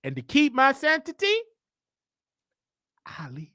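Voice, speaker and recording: A man's voice: very high-pitched, wildly swooping pitch, slow pace, bright, forceful tone, no echo, clean studio sound. A man from Chicago hosting his own show, telling a personal story in a casual, emphatic way and repeating lines for effect. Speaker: show host.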